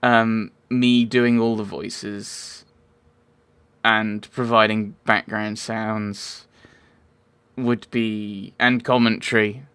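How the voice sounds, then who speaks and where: A man's voice: fairly low pitch, little pitch movement, very slow, a bit bright, smooth. A man giving rambling, casual commentary over a video game, with wry asides and frequent self-interruptions. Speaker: let's play gamer.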